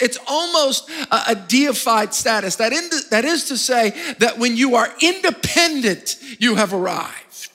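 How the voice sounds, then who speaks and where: A man's voice: extremely high pitch, bright, forceful tone. A man preaching a sermon as pastor, emphatic and drawing spoken responses from the congregation. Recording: long hall reverb.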